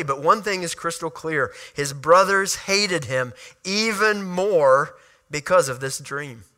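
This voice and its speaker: A man's voice: a little high, sharp tone. A man preaching a sermon, reading scripture and explaining it in a conversational way, with frequent restarts and asides.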